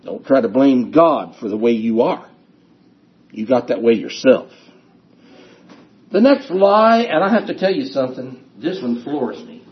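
A man's voice: medium pitch, breathy edge, dull audio. A man preaching a sermon with emphasis, repeating his key phrases and acting out people's excuses.

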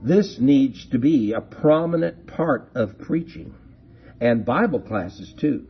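A man preaching a sermon, slow and deliberate, leaning hard on key words. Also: medium pitch, husky. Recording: dull lo-fi recording.

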